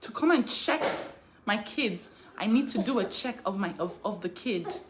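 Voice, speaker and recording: A woman's voice: medium pitch, expressive, normal speed, noisy background. A woman giving an emotional personal statement as a mother, talking emphatically and repetitively and building to raised anger. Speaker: mother speaking out in a posted video.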